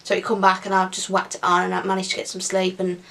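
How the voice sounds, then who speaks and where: A woman's voice: medium pitch, completely flat delivery, quick pace, gravelly, a bit bright. A young woman chatting casually to camera in an upbeat Q&A vlog, with giggly asides. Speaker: vlogger.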